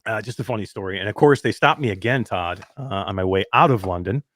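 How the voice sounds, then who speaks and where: Man, low-pitched, dry close sound; laid-back co-host who rambles and chuckles at himself. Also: lively intonation, quick pace, a bit bright, dry recording. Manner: rambling storyteller, many fillers, laughs at himself. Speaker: podcast co-host. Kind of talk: casual chat.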